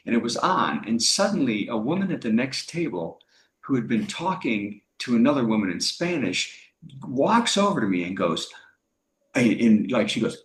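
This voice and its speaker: A man hosts a comedy show over a video call, his pitch rising and falling as he spins a story. He speaks in a relaxed, late-night murmur and chuckles at his own jokes. The sound is roomy and echoey. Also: slight background noise. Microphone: video call mic. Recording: echoey room.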